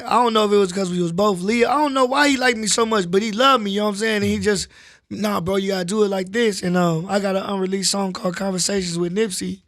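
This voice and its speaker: A man talking casually in an interview, relaxed and slangy, often saying "you know what I'm saying.". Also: sits high, no echo, clean studio sound. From Los Angeles, US. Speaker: rapper guest. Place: studio.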